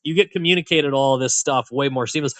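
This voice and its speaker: A man's voice: medium pitch, brisk, fairly bright tone, no room sound. A man co-hosting a podcast, chatting casually about a film, rambling with many fillers and restarts. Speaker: podcast co-host.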